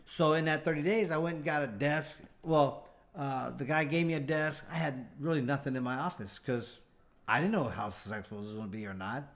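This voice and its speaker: A man's voice: fairly high pitch, brisk, a bit bright. A middle-aged man, a former fighter, telling long stories in a casual interview, rambling with restarts and acting out what others said. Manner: rambling, acts out quoted dialogue with restarts. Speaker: guest, former fighter turned bail bondsman.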